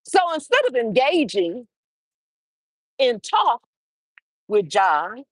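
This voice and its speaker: Woman, high voice, lively swooping pitch, unhurried, motivational walking talk, outdoors, dry close phone sound. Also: no echo, low-quality recording. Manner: animated, acts out little dialogues. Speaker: livestream host. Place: outdoors on a walk.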